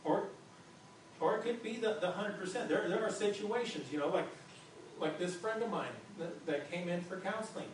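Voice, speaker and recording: Man, pastor, sermon, slightly high voice, halting and repetitive delivery, very echoey hall, distant mic. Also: a little hiss or hum. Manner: conversational, stammering restarts and repeated words.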